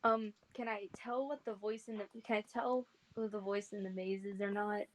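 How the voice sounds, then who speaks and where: A woman playing a tabletop game over voice chat, playful and excitable, often laughing. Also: medium pitch, moderate pace. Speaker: player. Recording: background hiss.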